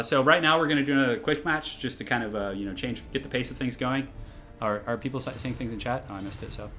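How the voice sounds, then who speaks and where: A man's voice: medium pitch, a bit bright. A man doing casual live-stream commentary over a game from a room at home, chatty and repeating his phrases as he answers chat.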